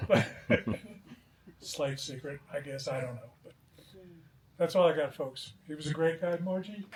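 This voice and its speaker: At an outdoor memorial gathering, a man on the high side delivers a joking eulogy slowly, pausing often as he chuckles through anecdotes. The sound is echoey and far off, with a crowd behind.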